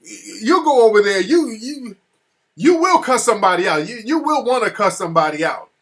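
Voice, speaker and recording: An American man recounts a trip in a relaxed, casual storytelling style, talking fairly quickly. His voice is a little higher than most men's. He's loose and profane, constantly restarting sentences and tacking on asides.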